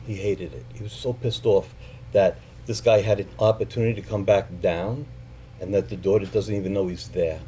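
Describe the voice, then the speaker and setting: Animated middle-aged male storyteller. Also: lowish voice, slight background noise. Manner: animated, profane, acts out the people in his story; quiet and halting when he speaks about his family. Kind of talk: live personal storytelling.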